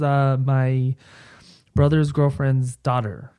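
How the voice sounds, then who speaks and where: A man's voice: medium pitch, slow, mellow, clean tone, dry recording, faint music behind. A young man hosting a casual solo podcast, rambling and playful with lots of fillers. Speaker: podcast host.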